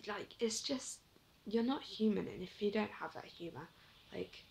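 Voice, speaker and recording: A woman's voice: medium pitch, expressive, a little slow, gravelly, darkish tone, poor audio. A young woman vlogging to camera, chatty and giggly, telling a story with lots of "like".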